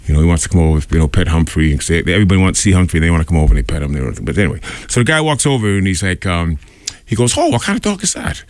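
A radio host with a low-pitched, slightly mellow voice tells a rambling anecdote at rapid-fire speed, hardly pausing, with lively intonation. He packs it with fillers and acts out the voices of the people in the story. There's no room sound.

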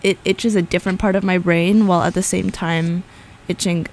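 Playful giggly woman with a gravelly voice. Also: on the low side, steady tone, moderate pace, a little mellow. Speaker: co-host. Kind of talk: casual chat.

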